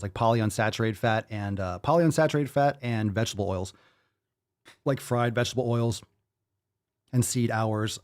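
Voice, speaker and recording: A man hosting a live-stream podcast, reading viewer comments aloud in a profane, hyped-up, sarcastic way. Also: on the low side. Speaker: podcast host.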